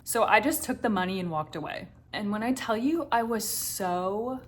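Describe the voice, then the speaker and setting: Lively-voiced woman in her thirties vlogging. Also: medium pitch, normal speed, a little hiss or hum. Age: 30s. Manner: candid, emotional storytelling with wry humor. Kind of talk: confessional vlog monologue.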